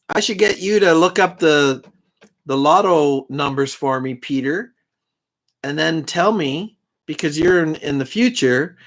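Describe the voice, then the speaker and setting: A middle-aged man chatting casually between songs on a live stream, self-deprecating and often clearing his throat, his voice catching a little from strain. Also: on the high side. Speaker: singer-songwriter streaming live. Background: his own guitar.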